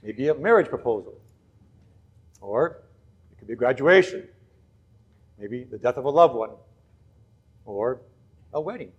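A man serving as pastor, reading scripture aloud and then preaching in an earnest, measured way. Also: mid-range voice, animated, breathy edge, dull audio.

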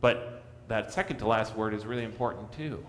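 A man preaching a sermon, earnest, rising for emphasis and dropping to a soft hush. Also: brisk, long reverb tail, a little hiss or hum. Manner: earnest, rises in pitch and volume for emphasis, drops to a soft hush. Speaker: pastor.

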